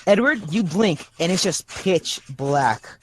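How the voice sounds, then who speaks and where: A young man narrating as game master of a tabletop game, halting with restarts as he describes the scene. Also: sits high, expressive, slightly rough, no echo. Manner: halting, many restarts and fillers.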